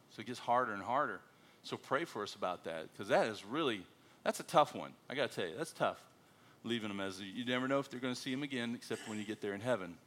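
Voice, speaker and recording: Addressing a church congregation, this middle-aged missionary from the United States spins animated stories in a mid-range voice. Whenever he quotes someone, he performs the lines in a jokey voice.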